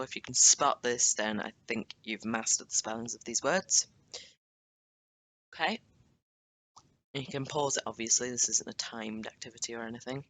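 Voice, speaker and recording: This young man's voice is lowish, with vocal fry and a sharp tone. He leads a casual screen-share language lesson, chatting through explanations and stopping for asides and self-corrections.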